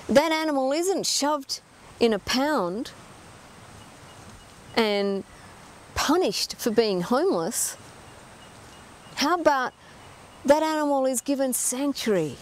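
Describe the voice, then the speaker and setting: A woman's voice: high-pitched, a little hiss or hum. A middle-aged woman giving an earnest talk as an animal communicator, emphatic and full of rhetorical questions.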